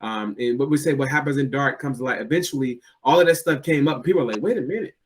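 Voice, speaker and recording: A man's voice: mid-range voice, fast. A man chatting casually as a podcast co-host, telling stories and acting out quotes in a raised voice. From United States. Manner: animated storyteller, acts out quotes in a raised voice. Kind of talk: casual chat.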